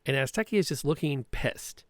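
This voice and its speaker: A man narrating as game master of a tabletop role-playing game, relaxed and unhurried. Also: on the high side, dry recording.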